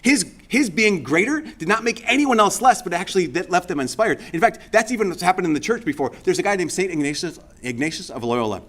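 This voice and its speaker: A man, a Catholic priest, giving a conversational homily as an animated storyteller with casual asides and fillers. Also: high-pitched, quick pace, hardly any pauses.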